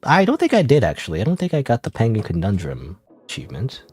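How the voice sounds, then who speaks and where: Rambling male streamer, lively pitch. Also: fast talker, slightly rough. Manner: rambling, self-doubting, frequent fillers and laughs. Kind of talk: casual gaming livestream chat.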